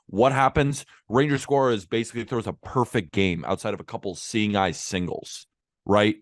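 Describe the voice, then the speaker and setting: A man co-hosting a casual sports podcast, chatty and quick to laugh, on a close mic. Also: lowish voice, no echo. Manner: animated, laughs often, chatty. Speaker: podcast co-host.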